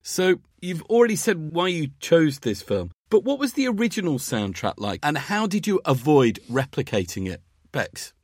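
A man hosting an interview, asking the guests questions in a lively manner. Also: fairly high pitch, normal speed, hardly any pauses, husky, dry recording, clean studio sound.

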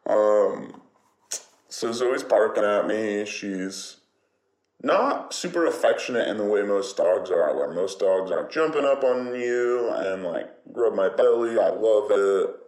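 A man rambling casually and jokingly in a relaxed monologue, swearing now and then. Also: fairly low pitch, slow pace, pauses often. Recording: roomy echo.

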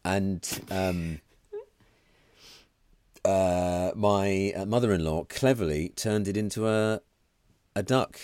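A man's voice: low-pitched, takes it slowly, pauses often, darkish tone, clear, resonant tone, no echo. A middle-aged man co-hosting a podcast, telling family stories in a casual, laughing way that often trails off. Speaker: podcast co-host. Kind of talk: casual chat.

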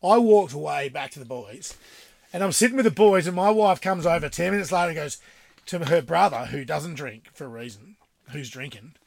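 A rowdy man telling stories on a casual podcast, his voice pitched high with a gravelly, fry-laden edge. He swears freely and breaks into laughter between the punchlines. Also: expressive, brisk. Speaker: podcast guest. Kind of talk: casual storytelling.

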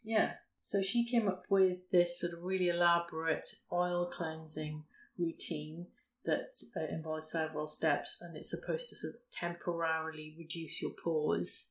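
A woman's voice: deep voice, level tone, measured pace. A woman, co-hosting a casual podcast chat and explaining a routine step by step. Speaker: podcast co-host.

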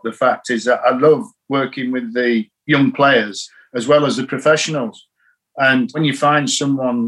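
An older man tells a coaching story in an interview. He talks in an animated, anecdotal way and acts out the lines he quotes. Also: mid-range voice. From England. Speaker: cricket coach.

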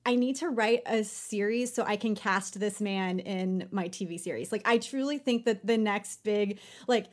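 A woman's voice: mid-range voice, moderate pace, hardly any pauses. A woman hosting an interview, chatty and enthusiastic as she sets up stories and questions. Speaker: host. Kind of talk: casual interview chat.

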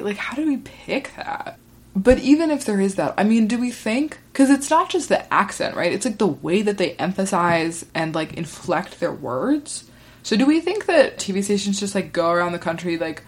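A woman hosting a solo podcast, talking in a chatty, rambling way with lots of "like" fillers. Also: fairly low pitch. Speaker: podcast host. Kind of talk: casual solo monologue.

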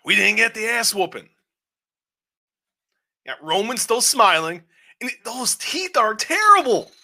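A man with a very bright, ringing voice pitched a little high, chatting casually on a podcast. He rambles through a review with lots of animation and cursing. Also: measured pace. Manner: rambling, animated recaps with frequent swearing. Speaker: podcast co-host. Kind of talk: casual show review chat.

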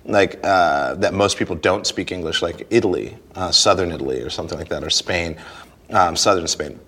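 A man with a very deep, low voice chats loosely in an interview, looping back over his words. He laughs easily and keeps restarting his thoughts as they come to him. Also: normal speed, fairly bright tone, breathy edge. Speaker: guest, stage performer. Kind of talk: casual interview conversation.

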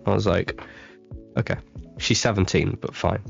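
A man's voice: on the low side, fairly even intonation, moderate pace, vocal fry, soft background music. Laid-back young man, lo-fi podcast audio. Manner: laid-back, laughs often, rambling storytelling. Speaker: podcast co-host. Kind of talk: casual chat.

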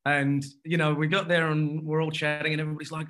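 Fairly high in pitch, level in tone and a bit bright, this male guest chats casually. His anecdote rambles along, punctuated by self-interruptions, fresh starts and laughter.

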